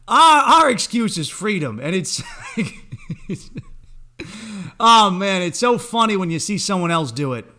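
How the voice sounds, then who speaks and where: Animated, profane man ranting solo. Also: high-pitched, measured pace, long pauses. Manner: profane, animated, laughs at his own jokes. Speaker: podcast host. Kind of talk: solo comedic rant.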